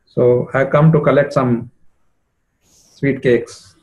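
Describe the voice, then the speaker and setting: A man's voice: mid-range voice, steady tone, slow pace, a little mellow, highs cut off. A man voicing a friendly young woman messenger who chats with casual fillers. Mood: coaxing.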